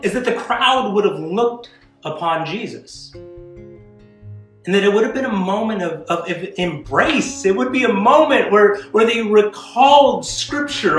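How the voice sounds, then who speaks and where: A man's voice: high voice, animated, measured pace. A man preaching a sermon, reading scripture and speaking earnestly, often restarting his phrases as he builds to emphatic declarations. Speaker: pastor. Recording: echoey room with soft guitar behind.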